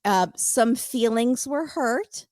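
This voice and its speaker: A woman's voice: on the high side, slow pace, dry recording, studio quality. A woman hosting a podcast, chatting casually about a reality show and acting out what the cast said. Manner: animated, acts out quoted cast members in put-on voices. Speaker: podcast host. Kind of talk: casual chat recapping reality TV.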